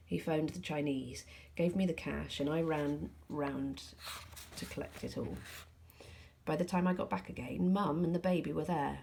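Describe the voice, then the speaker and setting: A woman teacher reading a novel aloud to pupils in a steady, calm storytelling voice. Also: sits low, moderate pace, gravelly, husky.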